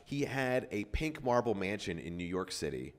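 A man's voice: fairly low pitch, big pitch swings, moderate pace. A man hosting a podcast, telling a story in loose casual chat with lots of fillers and swearing. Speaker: podcast host.

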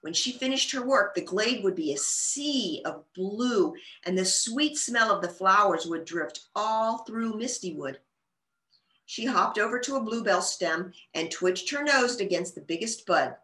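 Lively woman reading a children's story. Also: mid-range voice, a little slow. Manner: gentle, expressive storytelling. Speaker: children's librarian. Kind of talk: storytime read-aloud. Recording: roomy echo.

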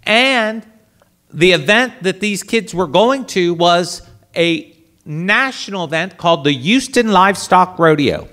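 A man, a priest, telling a lively story to an audience and acting out the other voices, now and then shouting. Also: high-pitched, unhurried. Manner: animated storyteller, acts out voices, shouts bids. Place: resort event hall.

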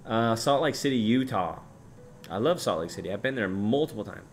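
Faint music plays behind this fast-talking young man, whose voice is fairly low. In his twenties and streaming live, he reads comments casually, drops the odd swear word, and excitedly calls out chatters and where they're from.

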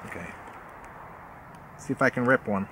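A man's voice: medium pitch, normal speed, pushed and bright, slight background noise. A young man vlogging as he unboxes a subscription box, rambling and jokey, often correcting himself. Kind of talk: casual unboxing vlog.

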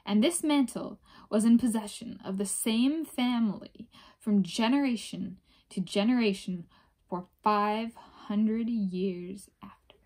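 A woman reading a folk tale aloud in a measured storytelling manner. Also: medium pitch, a little mellow. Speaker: reader.

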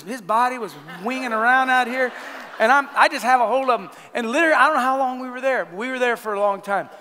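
A man preaching a sermon as pastor, telling animated stories and laughing at his own jokes. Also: very high voice, slight background noise. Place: church sanctuary. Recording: long church hall reverb.

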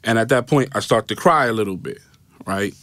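Speaking a little fast in a somewhat bright, low voice, this New York man tells his own story as a guest on a podcast. He rambles and repeats himself, voices the characters he quotes, and often tosses in "right?". The studio mic picks up no room sound.

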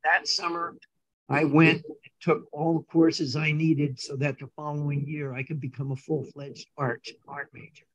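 An older man with a fairly high voice tells his life story on a video call, bringing each scene to life by acting out the dialogue. His delivery is animated, full of stammered repeats, and his voice sounds close and dry. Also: moderate pace, no echo, rough recording. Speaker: guest. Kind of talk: casual storytelling.

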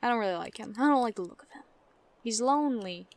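A young woman plays a life-sim game as a let's-play gamer, talking straight to her characters and laughing between lines. Her slightly high voice stays casual and unscripted, with lively intonation and fast delivery.

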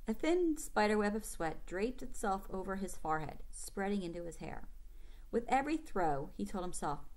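A woman's voice: medium pitch, big pitch swings, normal speed. A woman reading a children's novel aloud with commentary, asking her young listeners questions like a teacher.

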